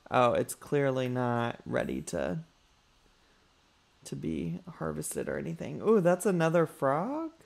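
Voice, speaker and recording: A man's voice: fairly high pitch, gravelly, darkish tone. A man giving chatty let's play commentary, calling his viewers y'all and talking back to his character with sass. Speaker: gaming YouTuber.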